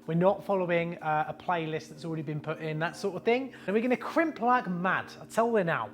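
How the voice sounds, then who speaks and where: A plumber hosts a casual how-to tutorial, talking in a slightly high, fairly bright voice at a brisk pace. He's upbeat, chatty and matey as he shows his work.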